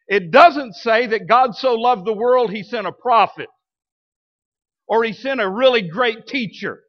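A man's voice: very high-pitched, highs cut off. A male pastor preaching a sermon in a conversational way, asking his congregation rhetorical questions. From United States. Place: church.

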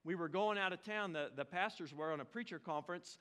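Forties pastor, high bright voice, chatty self-mocking sermon storyteller. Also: male voice, fairly quick, clear, resonant tone. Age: 40s. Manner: humorous, self-deprecating, chatty with congregation. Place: church sanctuary.

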